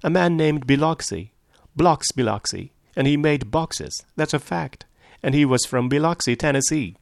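A man's voice: on the high side, moderate pace, creaky, dry recording, studio quality, voice pushed up. A man reading an audiobook, voicing a domineering wealthy man who talks curtly and sharply. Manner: curt, sharp.

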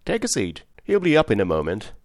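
A man's voice: lowish voice, wildly swooping pitch, a little fast, no echo, studio quality. A man reading the part of a genial old yacht owner who talks in a hearty, hospitable way.

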